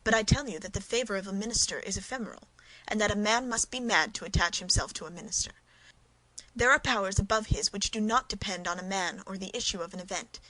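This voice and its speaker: A woman's voice: medium pitch, fast talker, bright, forceful tone, lightly acted, low-quality recording. A woman reading the part of a passionate young woman of twenty-three in a storybook reading, speaking with indignant force.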